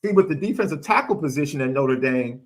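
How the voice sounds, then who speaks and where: Animated, high-voiced sports podcast host. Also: male voice, fast talker. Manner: emphatic, repeats phrases for effect, pleading and preachy.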